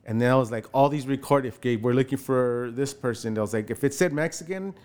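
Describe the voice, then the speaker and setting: A man in his forties tells a story in a casual interview, with a mid-range voice. He brings quoted people to life with sudden rises in pitch. His speech is loose and full of fillers. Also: brisk. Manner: animated, acts out quoted voices with jumps in pitch, many fillers. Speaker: actor telling his start in film.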